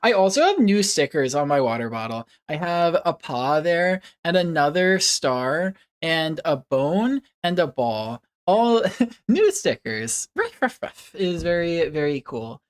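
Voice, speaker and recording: A woman's voice: sits low, big pitch swings, a little slow. A woman streamer chatting casually with her viewers, rambling and giggling, with playful puppy noises.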